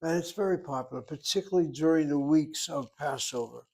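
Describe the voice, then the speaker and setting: An older man lecturing a small class on Hebrew words. His voice sits a little high for a man. He talks at an explanatory pace and poses questions that he answers himself. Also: brisk, darkish tone, slightly rough. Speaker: Hebrew teacher.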